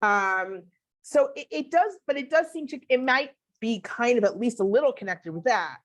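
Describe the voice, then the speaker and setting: A woman's voice: a little high, lively intonation, normal speed. A woman teaching a Bible class online, explaining in a conversational way and answering questions as she thinks aloud.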